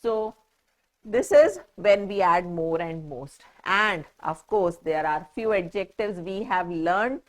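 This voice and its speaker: A woman's voice: on the low side, animated, slow. A woman with an Indian English accent explaining a grammar lesson, patiently spelling out words letter by letter and checking understanding with "right?". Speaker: teacher.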